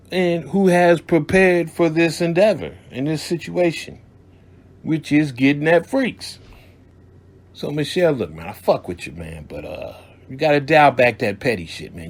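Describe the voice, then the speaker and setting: A man's voice: a little high, darkish tone. A man hosting a radio show, giving listeners blunt, profane, streetwise dating advice in a casual monologue.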